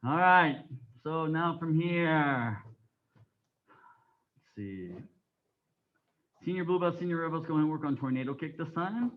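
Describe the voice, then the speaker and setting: A man teaching a taekwondo class. He barks counts and commands and explains technique calmly in between. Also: fairly high pitch, unhurried, long pauses, narrow, tinny audio. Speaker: taekwondo instructor. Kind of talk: coaching a martial arts class. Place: martial arts training hall.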